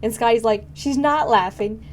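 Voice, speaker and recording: Speaking at a moderate pace in a fairly high voice, a young woman streams live and talks casually with her audience. She wanders from thought to thought, leaning heavily on fillers and laughing often.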